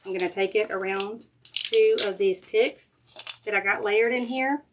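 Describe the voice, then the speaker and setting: On a craft livestream, a middle-aged woman with a medium-pitched voice talks at a measured pace, casually chatting with her viewers. Folksy and talkative, she addresses them directly while she works on the project. The audio carries faint background noise and clicks.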